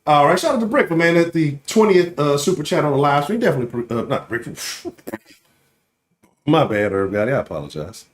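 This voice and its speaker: A man in his late thirties hosts a loose sports talk livestream and talks straight to his viewers. His pitch swings up and down as he riffs. He curses his way through the trash talk and tags his points with a quick "right?". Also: lively intonation. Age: late 30s. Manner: profane trash talk, keeps asking "right?". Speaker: sports talk show host.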